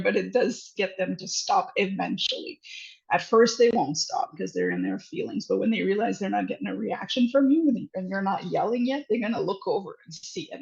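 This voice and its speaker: A woman giving casual parenting advice, animated and quick to laugh, with frequent restarts. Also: mid-range voice, vocal fry. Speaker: parenting educator. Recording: echoey room, dull lo-fi sound.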